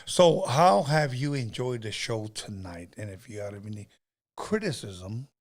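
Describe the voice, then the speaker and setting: A man's voice: on the low side, animated, unhurried. A man hosting a casual talk show, joking and laid-back with a caller. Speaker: host. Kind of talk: casual chat.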